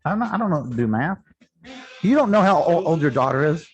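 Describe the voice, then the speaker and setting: A man's voice: on the high side, very animated, a little fast, dull audio. A man co-hosting a radio show, teasing his co-host in loose, joking banter.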